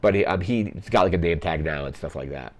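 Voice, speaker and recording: This young podcast host speaks low and fairly quickly while rambling casually through a film's storyline, his recap crowded with "like."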